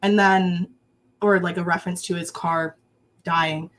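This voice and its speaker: Lively young woman in her twenties. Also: lowish voice, unhurried. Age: 20s. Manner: animated, lively storytelling with frequent laughs. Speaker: guest. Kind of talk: casual chat.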